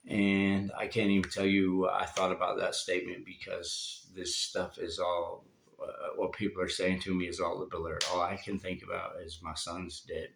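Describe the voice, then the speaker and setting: A man with a very low, gravelly voice, telling a painful story from his own life. He speaks haltingly and heavily, with long pauses. The sound comes from a phone in a roomy space with some echo. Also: monotone, a bit bright, a little hiss or hum. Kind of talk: personal storytelling.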